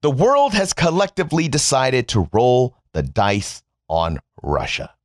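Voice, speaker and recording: A man's voice: medium pitch, big pitch swings, a little slow, no echo, studio quality. A man giving a sarcastic, mocking political rant, emphatic and swearing freely. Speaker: commentator.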